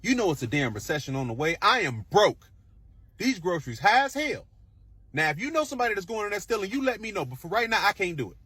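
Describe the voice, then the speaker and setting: Exasperated man ranting, husky and dry. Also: high-pitched, fast, no echo. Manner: exasperated, animated complaining. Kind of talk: comedic rant.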